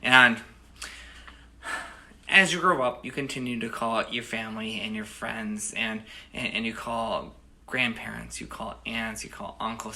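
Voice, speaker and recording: A man's voice: on the low side, steady tone, measured pace, vocal fry, sharp tone. A man in his thirties from the United States, telling a personal story casually, rambling with many restarts and "you know"s. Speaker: storyteller and host.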